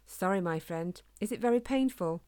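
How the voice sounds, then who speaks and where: A woman voicing a kind, caring man who speaks softly and reassuringly to his friend. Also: mid-range voice, animated, normal speed, smooth, no echo, close to an everyday voice. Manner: soft and reassuring.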